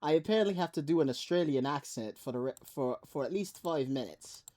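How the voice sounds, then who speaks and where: A man's voice: fairly high pitch, fairly quick. A man streaming a game with a friend, chatting casually, laughing often and talking to himself as he plays. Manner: laughs often, excitable, talks to himself while playing. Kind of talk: casual gaming stream chat.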